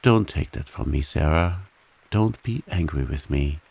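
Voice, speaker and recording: A man voicing a humble, devoted man earnestly and huskily pleading his love in a soft bedtime reading. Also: rumbling low, lively intonation, measured pace, gravelly, breathy edge, heavily acted.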